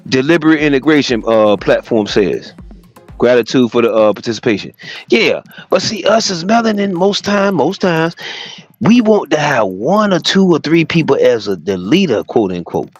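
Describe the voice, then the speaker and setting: A man hosting a livestream, reading a text aloud and breaking off into loud, profane commentary. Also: fairly high pitch, normal speed, highs cut off, soft background music. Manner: animated, profane, reads a text aloud and riffs on it. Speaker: livestream host.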